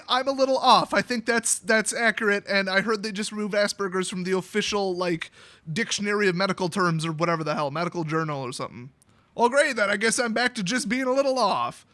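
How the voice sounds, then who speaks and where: Sarcastic high-voiced man ranting. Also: brisk, pushed and bright. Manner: sarcastic, blunt and opinionated. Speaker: YouTube host. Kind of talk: ranting monologue.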